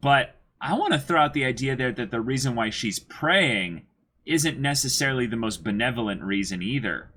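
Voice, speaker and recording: A man co-hosting an anime reaction show, chatting casually and working through ideas slowly with restarts. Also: mid-range voice, animated, a bit bright. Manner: thoughtful, builds ideas slowly with restarts and fillers.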